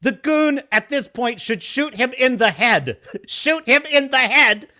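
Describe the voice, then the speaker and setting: A man's voice: very high voice, expressive, a little slow, sharp tone. A man hosting a podcast, recapping a show in casual commentary, sarcastic and exasperated, mocking the plot and acting out lines in put-on voices. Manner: acts out quoted dialogue in put-on voices. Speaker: podcast host.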